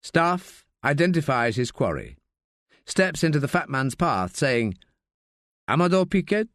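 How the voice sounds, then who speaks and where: A man reads an audiobook in a measured, expressive way. His intonation moves very widely at a mid pitch. The recording is close and completely dry. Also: no echo. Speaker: audiobook narrator. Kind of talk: scripted audiobook narration.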